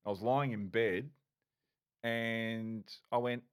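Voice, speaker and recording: A man's voice: on the low side, fairly even intonation, slow pace, smooth. A middle-aged man, a former police officer, telling his story candidly as a podcast guest, swearing and restarting often.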